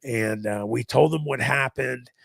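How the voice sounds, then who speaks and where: Gravelly man telling a story. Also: mid-range voice, a little slow, no room sound. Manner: animated storytelling, acting out others in raised voices. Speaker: podcast guest. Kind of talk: recounting a personal story.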